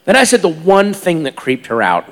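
An animated male stand-up comic tells a story in a lively, slightly high voice full of swoops. He sounds incredulous and self-mocking. A long hall reverb trails his words, with faint ambience underneath. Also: normal speed. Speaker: stand-up comedian. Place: live comedy venue, large hall.

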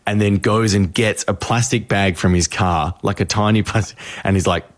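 A man's voice: lowish voice, moderate pace, hardly any pauses, no room sound. A man, a radio host telling a story in casual chat and acting out voices. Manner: animated storyteller, acts out voices.

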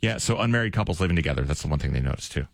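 Host, male, rapid joking delivery, lower voice, dry close sound. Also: animated, creaky, dry recording. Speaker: radio show host. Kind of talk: casual chat.

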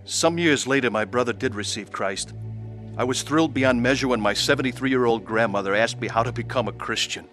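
A man's voice: medium pitch, a bit bright. A man narrating his own testimony in an earnest, pleading way.

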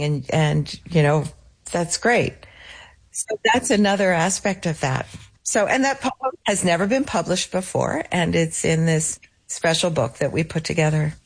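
A woman being interviewed about a musician's legacy, telling stories in a lively way and acting out the voices of people she quotes. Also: fairly low pitch, measured pace, husky. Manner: lively storyteller who acts out quoted voices. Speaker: guest, keeper of a late pianist's legacy. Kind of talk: conversational interview answers.

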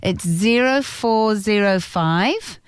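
A woman's voice: medium pitch, lively intonation, clear, resonant tone, no room sound, studio quality. A woman hosting a radio show, chatty and enthusiastic, reacting eagerly to her co-host. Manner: enthusiastic, quick reactions and laughs along. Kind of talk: casual radio chat. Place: radio studio.

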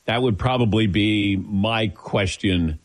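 A man's voice: fairly low pitch, slow. A man hosting a sports radio talk show, joking with his crew between segments. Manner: lively, joking, sets up segments.

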